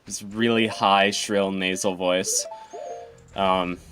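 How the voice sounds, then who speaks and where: A man's voice: low-pitched, little pitch movement, takes it slowly, fairly bright tone, faint music behind. A young man hosting a let's play, rambling in casual gameplay commentary with plenty of ums and self-deprecating asides. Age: young adult.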